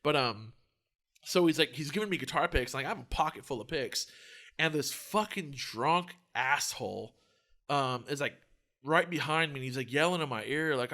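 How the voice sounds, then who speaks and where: A man's voice: mid-range voice, moderate pace. A young man telling a story in casual podcast chat, acting out quotes and swearing a lot, with "like" in nearly every phrase. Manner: animated storyteller, acts out quotes, heavy filler "like", swears a lot. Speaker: podcast co-host.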